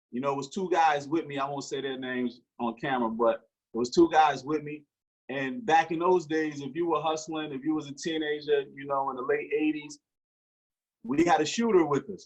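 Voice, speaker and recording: Husky-voiced man telling a story. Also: on the high side, low-quality recording. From Newark, New Jersey. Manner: animated storyteller acting out quoted dialogue. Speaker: guest. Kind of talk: storytelling in an interview.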